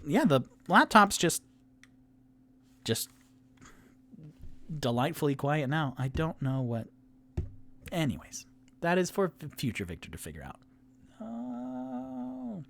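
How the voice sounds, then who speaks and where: A man's voice: a little high, very animated, takes it slowly, pauses often, a bit bright, no echo. A man who is the game master and sole player of a tabletop game, narrating in a rambling, casual way.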